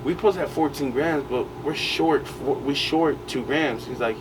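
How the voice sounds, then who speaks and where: A man's voice: medium pitch, moderate pace. A young man co-hosting a podcast, telling a long story in a rambling, slangy way full of fillers. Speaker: podcast co-host. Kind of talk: casual storytelling chat. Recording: distant mic with noise behind.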